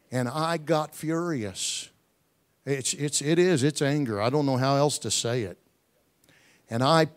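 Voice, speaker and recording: A man preaching a sermon, telling a story in a folksy way, stumbling over repeated words and building to loud shouts. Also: medium pitch.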